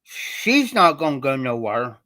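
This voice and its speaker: A man's voice: mid-range voice, big pitch swings, a little slow, sharp tone. A man doing a stern, commanding father. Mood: firm. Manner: firm, commanding lecture tone. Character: stern strict father, middle-aged man, firm temper.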